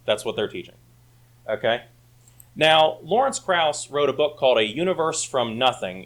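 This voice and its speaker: A man leads a Sunday school class in a church, lecturing with emphatic conviction. His pitch moves through a wide, animated range, climbing high when he presses a point. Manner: emphatic, rising to argue points.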